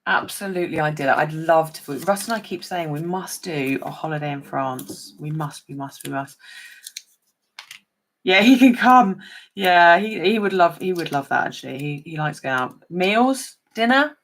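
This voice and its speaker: A woman's voice: lowish voice, expressive, moderate pace, fairly bright tone. A woman demonstrating papercraft on a chatty live stream, talking to her viewers by name as she works. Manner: chatty, talks to viewers by name while working.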